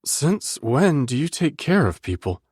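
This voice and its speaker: A man's voice: mid-range voice, big pitch swings, unhurried, darkish tone, husky, dry recording, clean studio sound, pitched above the performer's own voice. A man voicing a tired, guarded young woman who owns a bakery, speaking in a raised, wary voice.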